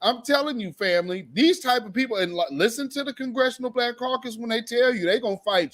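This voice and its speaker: High-voiced man ranting bluntly. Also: fast talker, few pauses. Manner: blunt, animated, profane. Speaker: host. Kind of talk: casual commentary.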